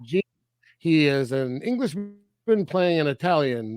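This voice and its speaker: A man chats casually about a film on a podcast, voice pitched a little high and quick to break into laughter. He gets animated and drops the occasional curse. The sound is close and dry, with no room around it. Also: clean tone, dry recording. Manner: laughs often, animated and profane. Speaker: podcast co-host. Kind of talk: casual film review chat.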